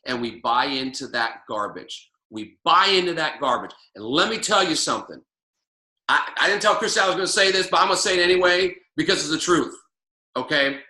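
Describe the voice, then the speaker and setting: Guy coaching network marketing, high voice, super bright, echoey room, keeps hammering lines. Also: lively intonation, a little fast. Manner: emphatic, preachy, repeats key lines. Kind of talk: motivational coaching call.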